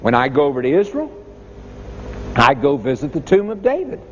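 A man's voice: fairly high pitch, big pitch swings, normal speed. A man preaching a sermon, emphatic, with dramatic rises and falls in his voice. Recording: echoey hall, dull lo-fi sound, faint noise.

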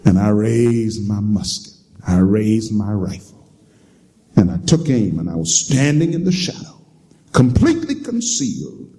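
A man preaching voices a rough, weather-beaten former soldier with a Southern accent, grave and low as he confesses. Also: sing-song, a little slow, dark tone. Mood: solemn confession.

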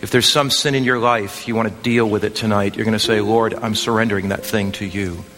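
A man preaching an evangelistic sermon, swinging from impassioned near-shouts to a hushed, gentle altar call. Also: on the low side, fairly even intonation, a little fast, in a large hall.

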